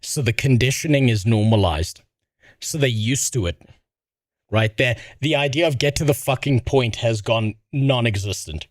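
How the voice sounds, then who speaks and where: A man's voice: mid-range voice, moderate pace, no echo. A man talking on his stream in a mid-range voice, swearing freely and rambling sarcastically. His voice is picked up close and dry, with almost no room around it. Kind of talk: casual reaction stream commentary.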